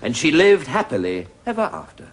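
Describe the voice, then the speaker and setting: A man's voice: fairly high pitch, wildly swooping pitch, brisk, heavy background noise. An actor playing a sardonic, scheming male butler with a dry, sneering delivery, in 1980s sitcom style.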